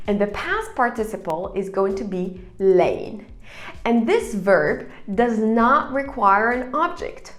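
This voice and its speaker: A woman's voice: on the high side, roomy sound. A woman teaching English online, explaining grammar step by step and reading answers aloud.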